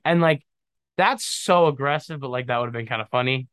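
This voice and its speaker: Bright-voiced rambling podcast guy. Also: medium pitch, lively intonation, fast, smooth, no room sound. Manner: rambling, jokey, says "dude" a lot; trails off into mumbling asides. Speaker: podcast host. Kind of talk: casual solo monologue.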